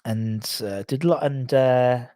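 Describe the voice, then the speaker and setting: A man's voice: medium pitch, measured pace, warm tone, dry recording, studio quality. A man hosting a casual live stream, rambling and correcting himself as he chats with viewers from home. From England. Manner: rambling, self-correcting, chatty.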